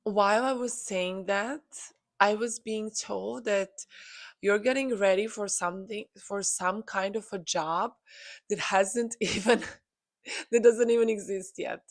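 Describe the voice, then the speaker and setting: A woman's voice: medium pitch, measured pace. A woman channeling a spiritual message to her viewers, earnest and encouraging, with frequent fillers. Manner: earnest, encouraging, many "you know" fillers.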